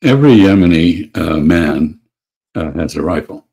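A former ambassador speaks in a very deep, husky voice. He is measured and hesitant, pausing on fillers as he recounts stories in a casual discussion. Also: lively intonation, dark tone.

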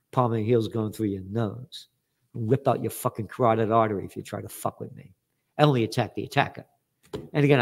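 A man's voice: mid-range voice, vocal fry. A man, a guest author talking in a blunt, emphatic, streetwise way. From United States. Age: 70s. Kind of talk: animated interview talk.

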